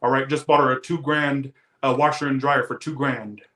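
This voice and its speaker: A man's voice: medium pitch, fairly even intonation, normal speed, pushed and bright, reverberant, a little hiss or hum. A man reading tarot who rants defensively and emphatically to his viewers in casual talk. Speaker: tarot reader.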